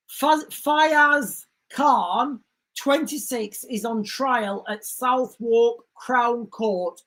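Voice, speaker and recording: A man's voice: very high-pitched, a bit bright. A man hosting a casual commentary livestream, rambling, restarting his sentences and calling his viewers guys. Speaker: livestream host. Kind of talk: casual political commentary stream.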